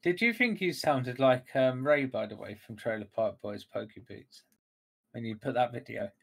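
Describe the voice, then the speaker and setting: A man's voice: medium pitch, normal speed, gravelly. A man chatting casually over an online poker game, teasing the others and laughing often. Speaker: poker player.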